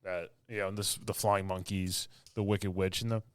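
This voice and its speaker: A man co-hosting a podcast, chatting casually and excitedly, quoting film lines and laughing often. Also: low voice, normal speed, a little hiss or hum. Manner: animated, quotes movie lines in put-on voices and laughs. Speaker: podcast co-host. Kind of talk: casual chat.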